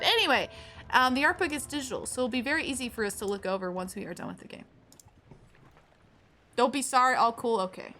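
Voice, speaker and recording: A woman streaming a video game live, chatting casually, getting easily distracted and slipping into high baby talk with her cat. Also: sharp tone. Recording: with game music behind.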